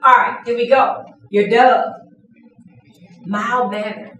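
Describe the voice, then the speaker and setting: A woman trainer leading an interactive classroom lesson, lively and playful, acting out examples. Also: on the high side, slow, slight background noise. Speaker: workshop trainer. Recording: echoey room from a distance.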